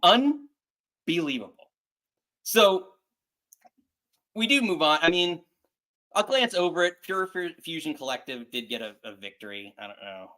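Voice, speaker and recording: A man hosting a casual wrestling chat show, talking in a rambling, halting way with frequent restarts. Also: fairly high pitch, lively intonation, sharp tone. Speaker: podcast host.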